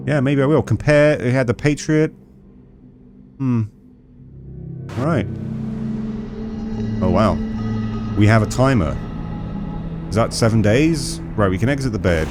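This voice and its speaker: Lively man doing game commentary. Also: medium pitch, unhurried, pauses often, noisy background. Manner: jokey, reactive, reading game text aloud. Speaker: let's play gamer.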